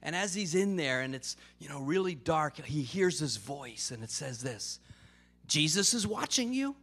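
A man's voice: a little high, normal speed, a bit bright. A man preaching a sermon as pastor, in a conversational way with casual fillers and joke-telling.

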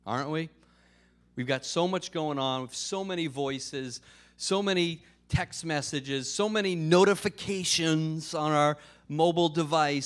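A man's voice: fairly high pitch, fairly bright tone. A man preaching a sermon as pastor, in a conversational way with casual fillers and joke-telling.

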